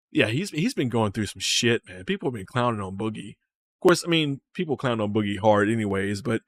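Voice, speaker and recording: A man rambles through casual stream commentary, swearing freely and reading comments aloud. His pitch swings up and down as he talks. The sound is dry and close, with no room around it. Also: no room sound. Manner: loose, profane, talks to chat, reads comments aloud.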